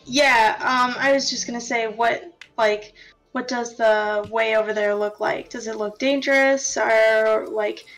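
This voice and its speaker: A woman's voice: fairly high pitch, fairly even intonation, unhurried, fairly bright tone, soft background music, poor audio. A woman player in a tabletop game, chatting casually with tentative questions. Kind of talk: casual chat.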